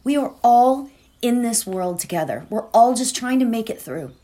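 A woman's voice: fairly high pitch, animated, normal speed, dark tone. A woman hosting a meditation show, speaking casually and from the heart, rambling with many fillers and restarts before leading a guided meditation. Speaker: meditation host.

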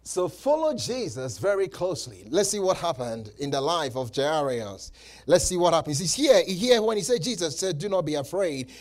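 A man's voice: a little high, sing-song, moderate pace. A male pastor preaching a sermon, repeating phrases and laughing between points. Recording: live church service.

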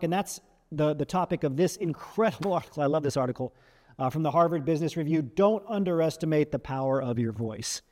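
Talking to camera with a long reverb tail behind him, a man offers career advice in a conversational style, often restarting and tossing in "right?" His slightly high, darkish voice moves a little fast as he shows ways to use the voice through changes in emphasis and volume.

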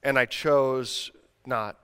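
A middle-aged male pastor preaching a sermon in a relaxed, conversational storytelling way, laughing at himself as he goes. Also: mid-range voice, takes it slowly, clean tone. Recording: long hall reverb.

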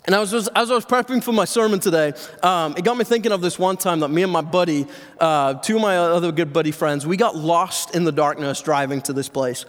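A man's voice: a little high, fairly quick. A male pastor giving a sermon in a conversational, joking way to his congregation. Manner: conversational preaching, jokes with congregation. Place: church sanctuary with live audience. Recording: reverberant hall sound.

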